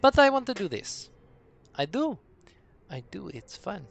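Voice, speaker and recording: A man's voice: sits high, big pitch swings, creaky. A man streaming live as dungeon master, rambling and talking to himself while he waits for viewers. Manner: rambling, talks to himself between pauses. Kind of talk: casual live-stream chatter.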